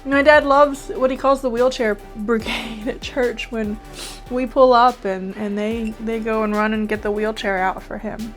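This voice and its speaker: A middle-aged woman sits in her home studio and speaks openly to her viewers, her voice set a little high. She talks in an earnest, halting way, stumbling and restarting, close to tears at times. Faint music plays under her voice. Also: steady tone. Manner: earnest, halting, with many restarts and soft laughs. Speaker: art YouTuber and children's author. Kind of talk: heartfelt personal vlog talk. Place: home studio with painting behind.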